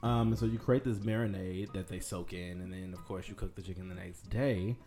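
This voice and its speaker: Lowish-voiced guy on a podcast, dry teasing laid-back vibe, faint music behind. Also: steady tone, a little fast, dark tone. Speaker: podcast co-host. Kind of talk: casual chat.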